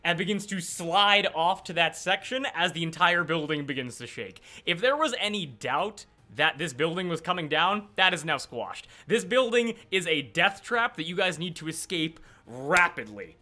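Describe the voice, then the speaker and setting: A young man narrates a tabletop game as its game master. His voice is bright and forceful and sits somewhat high for a man. He narrates with animation but keeps stumbling through fillers and restarts. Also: animated, moderate pace, few pauses, faint music behind.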